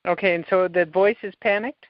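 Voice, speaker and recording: A woman hosting a podcast, calmly guiding a client through a tapping session step by step. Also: on the low side, fairly quick, no echo. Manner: calm, coaching, gives step-by-step prompts. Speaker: tapping practitioner and podcast host. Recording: dull, lo-fi sound.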